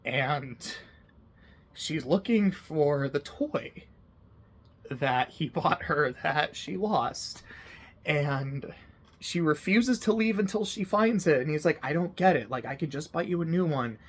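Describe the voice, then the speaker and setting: A man's voice: a little high, lively intonation, takes it slowly, slightly rough. A young man talking casually about his favorite anime, emotional, laughing often and swearing now and then. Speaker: anime video host. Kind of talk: casual personal commentary.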